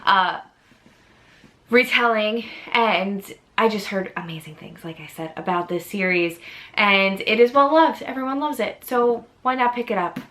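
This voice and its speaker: Bright-voiced chatty New York woman. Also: mid-range voice, unhurried. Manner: chatty, gushing, rambling, laughs often. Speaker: book vlogger. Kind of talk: casual chat.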